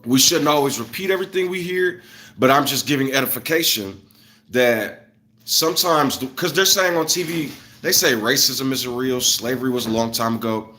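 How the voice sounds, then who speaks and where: A young man from Illinois rants to his stream in a bright, tense voice of middle pitch. His talk is loose and animated, with loud bursts that fall back into muttered asides. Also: normal speed. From Illinois, USA. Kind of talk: casual livestream rant.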